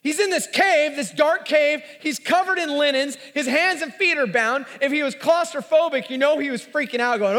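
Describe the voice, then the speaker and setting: A man in his forties preaching a sermon, telling the story in an animated way and acting out the voices. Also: extremely high pitch, moderate pace, hardly any pauses. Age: 40s. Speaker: pastor. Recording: reverberant hall.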